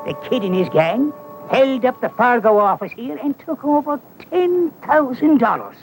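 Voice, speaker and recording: A jittery stable man in an old western film, stammering and evasive. His voice is high and swoops up and down as he talks. Faint music plays behind him. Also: lively intonation, low-quality recording. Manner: stammering, fast-talking, evasive. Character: jittery small-town stable man, nervous. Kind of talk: 1970 western film acting.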